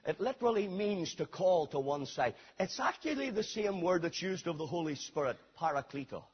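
A man preaching a sermon with emphatic delivery, rising to shouts and dropping to quiet asides. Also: sits high, expressive, moderate pace, breathy edge. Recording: dull lo-fi sermon recording.

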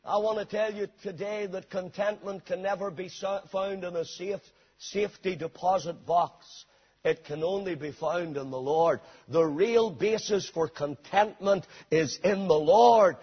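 A man preaching a sermon dramatically, swinging between hushed passages and shouted ones. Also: sits high, unhurried, breathy edge. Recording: dull lo-fi sermon recording.

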